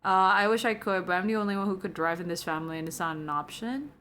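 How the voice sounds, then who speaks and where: Talking fast in a mid-range voice, a young woman streamer chats casually with her audience and reads the chat, giggling and chatty, going from soft to excited.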